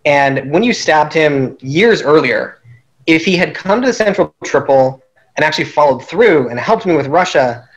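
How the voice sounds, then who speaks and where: Animated man recapping a game, higher voice. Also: moderate pace, rough recording. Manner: animated storyteller, laughs at his own schemes. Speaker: Diplomacy player recapping a game. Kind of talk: casual game recap chat.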